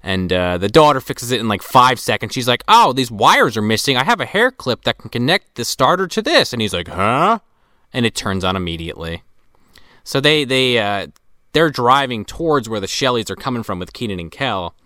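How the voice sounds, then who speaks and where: A man's voice: mid-range voice, big pitch swings, normal speed, bright, forceful tone, dry recording, clean studio sound. A man co-hosting a podcast, casually recapping a movie, swearing often and laughing along. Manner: laid-back storytelling, swears often, laughs. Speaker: podcast co-host.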